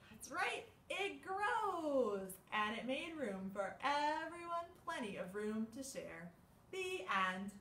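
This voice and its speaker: A woman hosting a children's storytime, reading a picture book aloud in an animated, sing-song way with playful gasps. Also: high-pitched, slow pace, recorded from a distance. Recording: echoey room with faint background noise.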